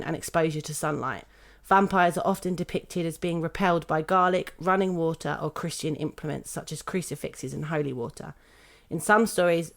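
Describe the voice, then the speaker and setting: A young British woman hosting a podcast, reading a prepared script in a steady, measured way. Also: lowish voice. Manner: steady, measured reading, laughing now and then. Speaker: podcast host.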